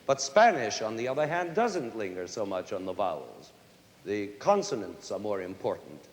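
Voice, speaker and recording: A middle-aged man giving a lively lecture on music to a young audience, now and then singing short folk tunes to make his point. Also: on the low side, normal speed. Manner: animated, sings and hums short folk tunes to demonstrate. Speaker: conductor and music educator. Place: large concert hall with audience. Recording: roomy concert hall reverb, faint hiss.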